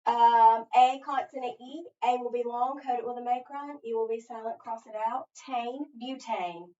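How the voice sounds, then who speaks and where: A woman's voice: on the high side, moderate pace, mellow. A woman teacher leading a phonics lesson, spelling words out letter by letter and coaching a learner. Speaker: reading teacher. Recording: roomy, distant, dull lo-fi.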